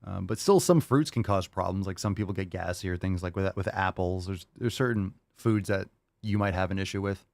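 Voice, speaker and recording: A man's voice: low voice, brisk, creaky, a little mellow, no echo, studio quality. A man hosting a podcast, answering listener questions in a loose, rambling chat with jokey asides. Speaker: podcast host.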